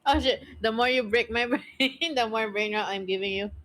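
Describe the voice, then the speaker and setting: A young woman with a slightly high voice talks on a live stream in a rambling, giggly way. Her throat sounds strained, and she breaks into laughter often. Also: moderate pace, fairly bright tone. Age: young adult. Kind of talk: casual stream chat.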